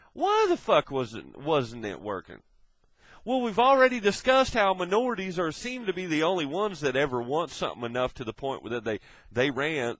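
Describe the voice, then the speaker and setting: A man's voice: fairly high pitch, fairly bright tone, no echo, rough recording. Blunt, swearing man ranting. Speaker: video blogger. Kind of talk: profane ranting monologue.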